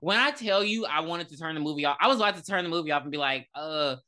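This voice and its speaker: A woman with a lower, bright voice co-hosts a casual movie review podcast. Her pitch swings widely as she retells scenes. She swears freely and acts out the characters. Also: expressive, quick pace. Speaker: podcast co-host.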